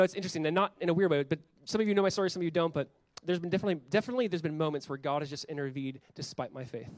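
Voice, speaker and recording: Fast-talking young male pastor preaching. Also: fairly high pitch, no echo. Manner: conversational, animated, acts out quoted voices. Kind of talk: sermon.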